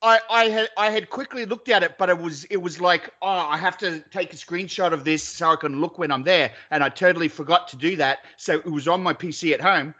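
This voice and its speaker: An Australian man with a bright, forceful voice, swearing his way through a rambling story. He restarts his sentences often, and the recording sounds dull and lo-fi. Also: on the high side, brisk, hardly any pauses. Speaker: podcast co-host. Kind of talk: casual chat.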